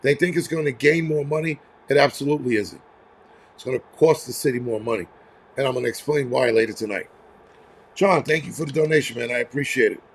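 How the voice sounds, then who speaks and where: Speaking fast in a husky, mid-range voice, a man rants on his casual livestream, cursing heavily and rambling off on asides. The angry, blunt tirade comes from his home near a terrace.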